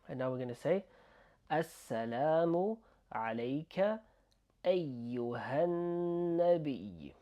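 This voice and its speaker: A man gives a patient pronunciation lesson, his voice mellow and warm. He breaks words into pieces, repeats them slowly several times and checks in with the listener as he goes. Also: medium pitch. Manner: reassuring, checks in with "okay?". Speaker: Arabic teacher.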